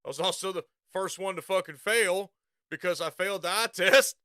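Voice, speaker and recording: A man's voice: sits high, normal speed, sharp tone, no room sound, clean studio sound. A man with a Southern US accent telling a rambling, profane story and laughing at himself. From Southern United States. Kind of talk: casual storytelling.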